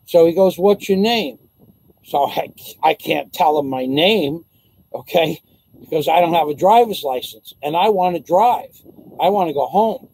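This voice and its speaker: A man's voice: fairly high pitch, lively intonation, normal speed, gravelly, darkish tone, breathy edge, poor audio. A man telling a rambling personal story in casual vlog style, swearing, restarting sentences and acting out the dialogue. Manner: rambling, profane, stumbling restarts, acts out dialogue. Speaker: vlogger.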